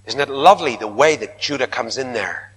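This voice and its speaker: A man preaching a sermon, emphatic, his voice rising to loud repeated protests. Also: medium pitch, a little fast, breathy edge. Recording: long hall reverb.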